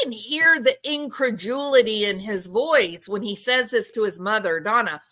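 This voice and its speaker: A woman's voice: a little high, normal speed, hardly any pauses, pushed and bright. A woman giving a casual true-crime commentary in a sarcastic, incredulous, emphatic manner.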